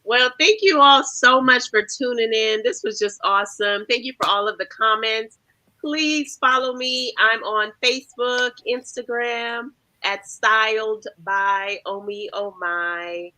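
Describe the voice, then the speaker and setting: A woman's voice: a little high, measured pace, bright, forceful tone, dry recording, low-quality recording. A woman joining a podcast as a guest, speaking in an upbeat, friendly way. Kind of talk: casual chat.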